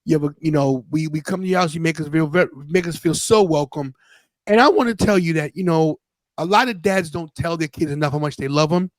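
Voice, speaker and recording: A man's voice: a little high, brisk, no echo, poor audio. A man in his fifties hosting a podcast, telling a personal story in an earnest, casual way and often restarting his sentences. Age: 50s. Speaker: podcast host.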